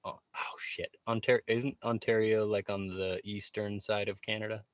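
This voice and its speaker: A man's voice: on the low side, flat delivery, normal speed, no echo. A man chatting casually on a live stream, laid-back, swearing freely and laughing often. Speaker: livestreamer. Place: truck workshop.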